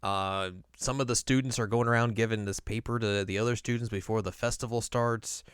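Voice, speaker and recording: A man's voice: fairly low pitch, fairly even intonation, smooth, no echo, studio quality. A man co-hosting an anime podcast, casually recapping an episode and playfully acting out the characters' lines. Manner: playful, acts out characters' lines in quick put-on voices.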